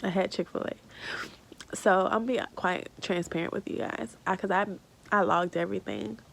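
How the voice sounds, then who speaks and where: A woman's voice: medium pitch, fairly even intonation, moderate pace, gravelly, a bit bright, a little hiss or hum, poor audio. A woman in her thirties telling a personal story in a casual vlog, tearful and rambling with many fillers. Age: 30s. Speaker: vlogger.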